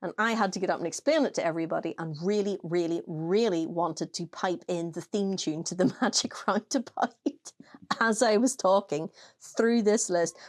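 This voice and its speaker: A woman co-hosting a casual chat show with an Irish accent, telling animated stories, swearing and laughing often. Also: on the low side, normal speed. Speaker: podcast co-host.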